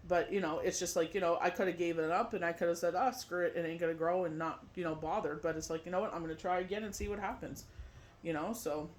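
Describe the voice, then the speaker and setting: A man's voice: fairly high pitch, fairly even intonation, quick pace. A man giving a casual tarot forecast, rambling and leaning on "you know" fillers, switching between loose chat and read-out card meanings. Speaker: tarot reader.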